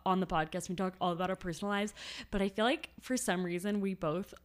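A woman's voice: fairly low pitch, fairly even intonation, fast. Heartfelt woman in casual podcast chat. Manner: heartfelt and emotional, laughing often. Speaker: podcast co-host.

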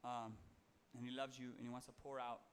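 A man's voice: medium pitch, level tone, a little fast, smooth. A man giving a casual, conversational sermon, reading Bible verses and talking them through with fillers and self-corrections. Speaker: preacher.

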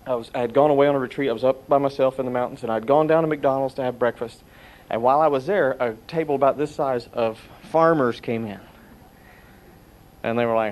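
A man's voice: mid-range voice, fairly quick. A middle-aged man preaching a sermon, telling stories and acting out the voices he quotes. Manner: animated storytelling, acts out quotes.

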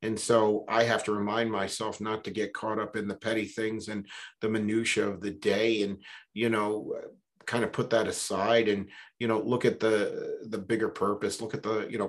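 A man who is a guest on an interview, a business coach talking in a relaxed, reflective way and telling stories with lots of "you know". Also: fairly low pitch. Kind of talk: conversational storytelling.

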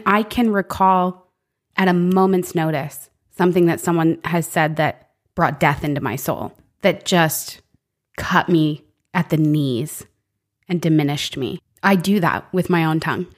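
Low-voiced woman, earnest and reflective. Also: a little slow. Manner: earnest, reflective, quotes scripture. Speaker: podcast co-host. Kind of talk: faith-based conversation.

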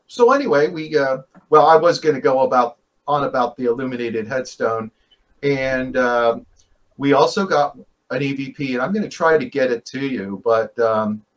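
A man of middling pitch talks as a guest on a paranormal talk show, wandering through his story in loose, restarting sentences. He leans on fillers and drops the odd curse without a second thought. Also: normal speed, poor audio. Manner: rambling, many fillers and restarts, blunt swearing. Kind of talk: casual storytelling on a call-in show.

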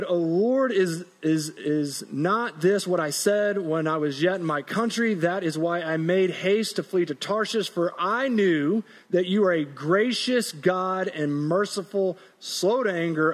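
Earnest preacher in a reverberant hall. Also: male voice, fairly high pitch. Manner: earnest, halting with repeated restarts. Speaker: pastor. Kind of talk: sermon. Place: church sanctuary.

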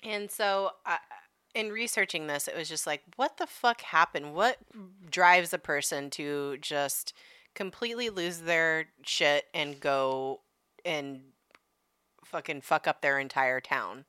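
A woman's voice: low-pitched, takes it slowly, bright, forceful tone, clear, resonant tone, dry recording, clean studio sound. A woman in her forties co-hosting a casual chat, rambling and swearing as she tells a story with laughs. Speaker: podcast co-host.

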